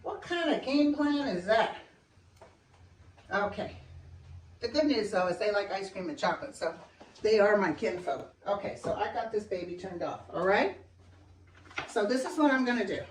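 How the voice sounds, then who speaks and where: A woman with an expressive mid-range voice speaks at normal speed, hosting a casual home cooking demo in her kitchen. She chats straight to viewers while eating, talking with her mouth full. A camera mic set far off makes the kitchen sound echoey, with a little hiss or hum and a faint clatter of dishes and pans.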